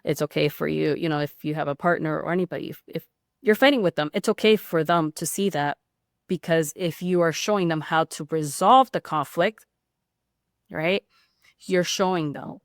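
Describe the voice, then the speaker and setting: A woman's voice: sits low, normal speed, no room sound, studio quality. A woman talking as a guest on a podcast, explaining at length in a rambling, conversational way with many fillers and restarts. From Hispanic background. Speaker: pediatric sleep consultant and guest. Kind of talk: casual podcast interview.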